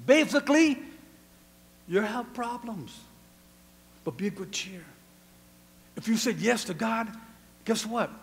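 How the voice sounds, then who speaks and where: A man preaching a sermon as pastor, animated, dropping to a hush and then rising to shouts. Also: high voice, slow pace, gravelly, long pauses, a little hiss or hum. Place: church sanctuary. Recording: long church hall reverb.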